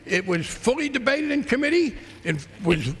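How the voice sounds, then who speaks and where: Speaking with a very high-pitched, very animated and fairly bright voice at normal speed, a congressman gives a sarcastic, combative floor rebuttal. The large legislative chamber adds a long reverb to the debate speech.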